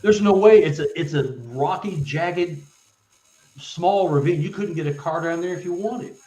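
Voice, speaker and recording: A man, a guest author on a live interview, telling personal stories with halting restarts and growing animation. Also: fairly high pitch, reverberant, rough recording. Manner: halting, stuttered restarts, animated when retelling events. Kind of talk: casual storytelling in a live interview.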